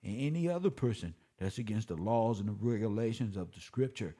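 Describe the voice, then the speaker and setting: A man speaking who delivers a preachy, swearing monologue to his viewers, swinging between loud and soft. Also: on the low side, lively intonation, brisk. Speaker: online commentator.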